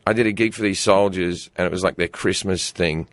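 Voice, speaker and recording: A man telling a long comic story on a podcast in a rambling, animated way, restarting his sentences often. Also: low-pitched, fairly quick, no echo. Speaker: guest comedian.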